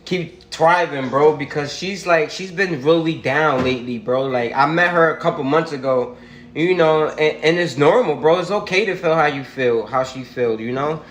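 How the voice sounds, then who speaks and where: A man's voice: fairly high pitch, moderate pace, a bit bright, reverberant. A man hosting a livestream video call, chatting casually and supportively, often saying "bro" and "you feel me". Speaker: livestream host.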